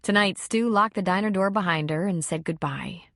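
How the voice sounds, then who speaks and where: A woman narrating an audiobook in an even, measured storytelling manner, close to the mic. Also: mid-range voice, dry recording. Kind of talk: scripted narration.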